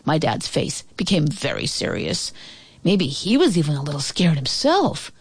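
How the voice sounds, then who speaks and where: Expressive woman reading a children's story. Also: low voice, moderate pace, creaky, husky, dry recording. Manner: expressive, animated. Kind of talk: read-aloud children's story.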